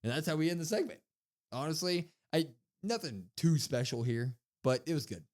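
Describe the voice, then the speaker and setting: A man's voice: fairly high pitch, normal speed. A young man co-hosting a podcast, recapping a wrestling episode in casual chat and acting out what the wrestlers said. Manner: animated storytelling, acting out quotes. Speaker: podcast co-host.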